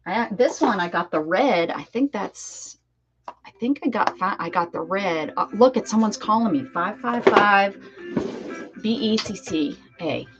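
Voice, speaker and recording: A crafting channel host chats casually and rambles as she crafts, often correcting herself mid-sentence. Her mid-range voice has lively intonation and a slightly slow pace. The lo-fi audio sounds dull, with faint noise.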